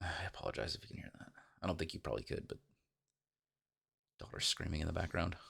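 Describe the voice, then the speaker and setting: Let's play host, man, low and creaky, casual and meandering, thinking out loud. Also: lively intonation, quick pace. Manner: rambling, thinking aloud with fillers. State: tired, yawning. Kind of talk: casual gameplay commentary.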